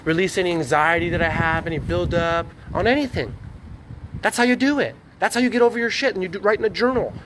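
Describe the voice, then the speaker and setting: A man ranting in a rambling, profane, preachy vlog monologue, talking excitedly to his phone camera. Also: high voice, fast, noisy background. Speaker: vlogger. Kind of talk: rambling selfie-video monologue. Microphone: phone on a tripod.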